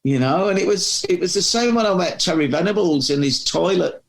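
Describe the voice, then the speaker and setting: A middle-aged man with a gravelly, slightly raised voice spins long anecdotes in casual conversation. He restarts sentences and doubles back as he goes. His stories ramble at an easy chat pace. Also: sits high, a little fast. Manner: rambling storyteller with frequent restarts. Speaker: podcast guest, former magazine editor.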